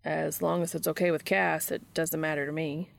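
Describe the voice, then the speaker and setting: A woman's voice: deep voice, little pitch movement, moderate pace, creaky, no room sound. Woman reading a sarcastic geeky young guy. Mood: quiet. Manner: sarcastic, dry delivery. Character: sarcastic, geeky young man, playfully blunt.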